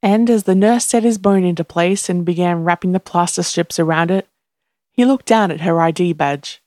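A woman narrating a story in a steady, even reading voice. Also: fairly low pitch, normal speed, dry recording, clean studio sound. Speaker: reader. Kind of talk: audiobook narration.

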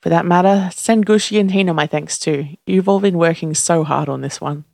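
A narrator reading the lines of a kind, earnest man in a gentle, sincere tone. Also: medium pitch, normal speed, gravelly, no echo, studio quality, lightly acted. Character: kind, earnest male time traveler.

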